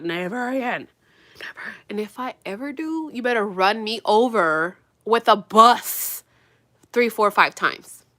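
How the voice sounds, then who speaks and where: A young woman vlogging while getting ready, talking bluntly and with lots of swearing, swinging between loud outbursts and low mutters. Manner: animated, blunt and profane, drops to mutters. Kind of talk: casual get-ready-with-me rant.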